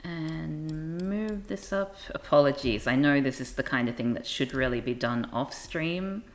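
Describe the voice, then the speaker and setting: A woman's voice: low voice, unhurried. A woman streaming live, reading comics aloud with wry, amused, self-deprecating asides.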